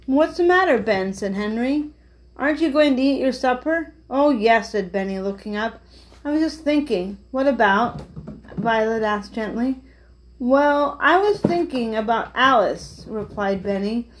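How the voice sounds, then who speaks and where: A woman's voice: a little high, rough recording. A woman reading a children's chapter book aloud, giving the characters light voices. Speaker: storyteller.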